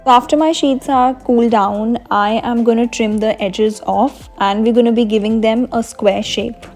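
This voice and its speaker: A woman's voice: a little high, steady tone, moderate pace, a little mellow, faint music behind. A young woman, host of a cooking channel, explaining a recipe step by step in a voice-over.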